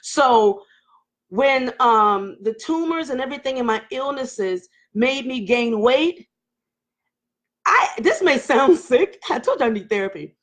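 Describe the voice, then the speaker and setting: A woman's voice: sits high, expressive, unhurried. A woman in her forties hosting a candid live-stream talk, speaking emotionally and laughing nervously as she opens up. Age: 40s. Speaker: host.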